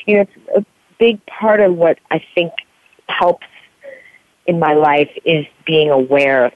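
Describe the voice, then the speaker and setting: A woman in her forties, appearing as an author guest on a podcast, speaks candidly, rambling earnestly and saying "you know" a lot. Her low voice comes over a thin, tinny phone line that sounds dry and close, with no echo.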